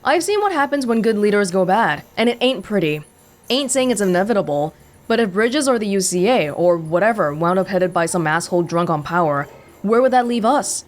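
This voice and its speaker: A folksy old game porter, distrustful, plainspoken drawl. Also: male voice, high voice, lively intonation, brisk. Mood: wary. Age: older. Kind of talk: video game dialogue.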